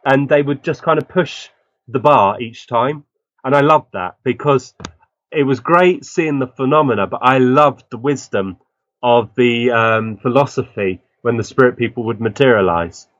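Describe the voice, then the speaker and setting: A man on a muffled, dry lo-fi recording tells his experiences at a mid pitch. He is animated and often acts out the voices of the people he describes. His delivery is chatty and full of small restarts. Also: normal speed, no room sound. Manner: animated anecdotes, acting out quoted voices. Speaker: guest medium. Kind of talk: interview storytelling.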